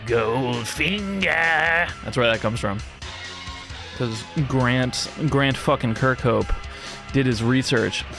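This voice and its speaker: A man's voice: mid-range voice, steady tone, slow pace, over music. A young man live-streaming, chatting casually with viewers, swearing a lot and mock-scolding his pet.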